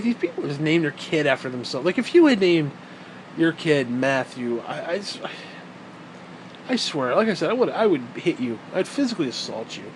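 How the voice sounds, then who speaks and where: A man's voice: fairly high pitch, a little hiss or hum, poor audio. A man in his forties ranting in a rambling, sarcastic, profane monologue as a vlogger.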